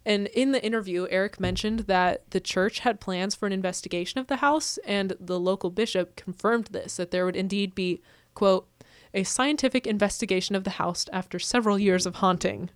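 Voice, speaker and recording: A woman co-hosting a podcast, chatting casually and piling on fillers as she tells a story. She sits at a middle pitch for a woman. The room gives almost no echo. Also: a little fast, few pauses. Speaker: podcast co-host. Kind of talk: casual chat.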